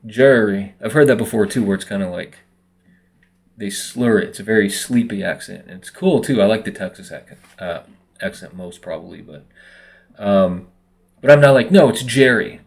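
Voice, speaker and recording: A man's voice: lowish voice, moderate pace, vocal fry. A man vlogging casually to his viewers, rambling along with lots of fillers. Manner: relaxed, rambling with many fillers. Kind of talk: casual monologue to camera.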